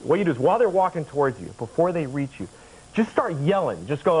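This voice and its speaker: A man in his thirties from the Boston area, a comedian guest telling absurd stories deadpan, rambling along and now and then yelling. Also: on the high side, fast talker, breathy edge, poor audio. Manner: deadpan, rambling with sudden yelled bits. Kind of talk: deadpan absurd talk-show storytelling. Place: TV studio. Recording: old VHS broadcast with tape hiss.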